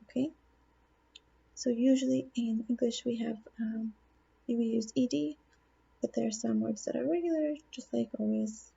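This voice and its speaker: A woman Spanish teacher explains grammar patiently in a classroom-style video, asking questions and then answering them. Her husky, gravelly voice is dark and mellow, fairly high, with fairly even intonation at a normal speed, on a somewhat dull, lo-fi recording.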